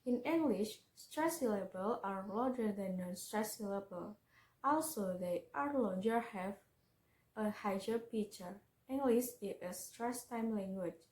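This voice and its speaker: A woman's voice: mid-range voice, unhurried, a little mellow. A young woman, a native Indonesian speaker, presents a pronunciation lesson as a student, reading example words aloud and repeating each one. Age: young adult. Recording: echoey room.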